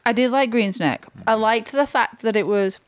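Woman, podcast co-host, chatty, laughs a lot, swears casually. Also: a little high. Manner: laughing, swearing, quick storytelling. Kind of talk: casual chat.

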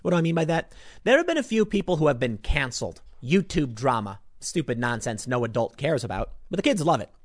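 A man delivering opinionated commentary, sarcastic and mocking, swinging between loud outbursts and muttered asides. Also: mid-range voice, very animated, a little fast, dry recording.

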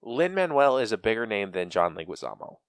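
A man's voice: on the low side, sing-song, brisk, no echo, studio quality. A man co-hosting a podcast in casual chat, rambling with lots of fillers and laughs. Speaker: podcast co-host.

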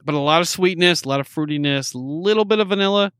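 Bright-voiced, wry man at a tasting. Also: fairly high pitch, quick pace, smooth, no room sound, clean studio sound. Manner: wry, joking, blunt with mild swearing. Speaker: whiskey tasting co-host. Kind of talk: casual tasting chat.

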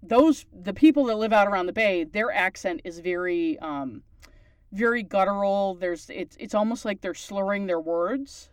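A woman's voice: mid-range voice, normal speed, clear, resonant tone, dry recording. Chatty Newfoundland woman, dry close sound. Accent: Newfoundland townie. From Newfoundland, Canada. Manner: chatty, explains at length. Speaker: podcast host. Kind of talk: casual chat.

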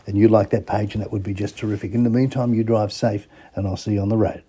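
A man with an Australian accent presents a casual radio show in a chatty, folksy way. His voice is warm and mellow with a husky edge, and he sounds upbeat as he addresses his listeners directly. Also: fairly low pitch, steady tone, fast. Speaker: host of a travel radio show.

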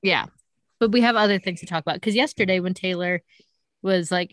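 A woman's voice: medium pitch, quick pace, no echo, clean studio sound. A woman in her thirties hosting a podcast, chatting casually and reading an ad in an upbeat, bubbly way. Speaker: podcast host. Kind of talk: casual podcast chat with host-read ad.

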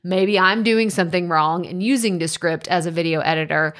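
A woman's voice: fairly low pitch, a little fast, a bit bright. Woman podcast host, chatty casual advice delivery, loose with filler words.

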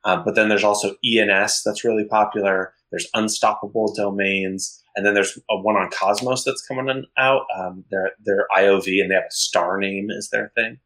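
Bright-voiced man in casual podcast chat. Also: lowish voice, fairly even intonation, normal speed, few pauses, rough recording. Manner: rambling, thinking aloud with many restarts. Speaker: podcast co-host.

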